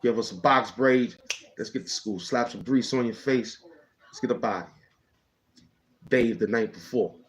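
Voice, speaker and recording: A man's voice: mid-range voice, moderate pace, long pauses, poor audio. A man casually telling a personal story in rambling street slang, often checking in with "you know what I'm saying".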